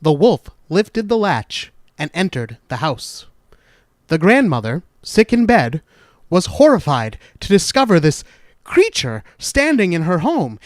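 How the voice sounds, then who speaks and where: A man narrates a horror tale slowly and dramatically, and sometimes drops into hushed, dark turns. His voice sits high and ranges widely. The recording is close and dry. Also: sing-song, no echo. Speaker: storyteller, podcast host.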